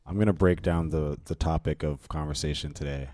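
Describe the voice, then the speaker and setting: A young Canadian man co-hosting a casual podcast, animated and ranting, swearing often. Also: a bass voice, brisk, dry recording, studio quality. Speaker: podcast co-host.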